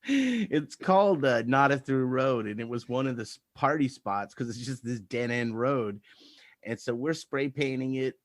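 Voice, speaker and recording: A man's voice: medium pitch, normal speed, no room sound. Profane, laughing male storyteller. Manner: profane, laughing, animated anecdotes. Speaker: podcast guest, comedian. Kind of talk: casual storytelling.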